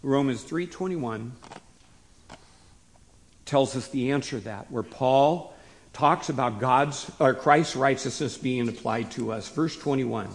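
A hoarse man preaching a sermon as pastor, often putting questions to the listeners and stopping now and then to cough. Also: medium pitch, slow pace.

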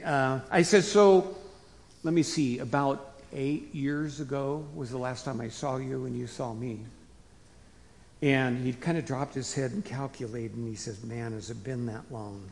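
A man preaching a conversational sermon to his congregation in a folksy way, rising to emphatic bursts and dropping to quiet asides. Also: mid-range voice, steady tone, unhurried, creaky. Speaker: pastor. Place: church sanctuary. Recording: long hall reverb.

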